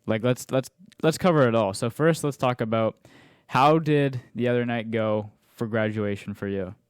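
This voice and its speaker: A man's voice: medium pitch, moderate pace, smooth, no room sound, studio quality. A young man hosting a podcast, easygoing and chatty as he leads the questions. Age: young adult. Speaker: podcast host. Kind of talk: casual chat.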